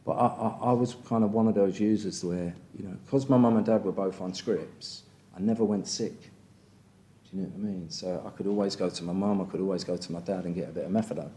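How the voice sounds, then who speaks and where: This English speaker in his fifties shares candidly at a recovery meeting, repeatedly and bluntly asking "do you know what I mean." His low, mellow voice stays fairly even in intonation, and he talks a little fast.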